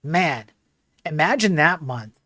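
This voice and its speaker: A man's voice: on the high side, expressive, slow pace, pushed and bright, dry recording, clean studio sound. A man hosting a casual tech news stream, ranting bluntly and joking as he reads the stories. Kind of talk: casual live-stream commentary.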